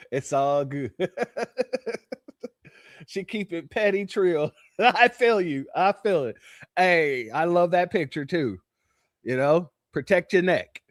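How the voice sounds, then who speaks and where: A man's voice: high-pitched, lively intonation, measured pace, no echo, studio quality. A man from California giving casual commentary, laughing often and repeating himself. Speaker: commentary channel host.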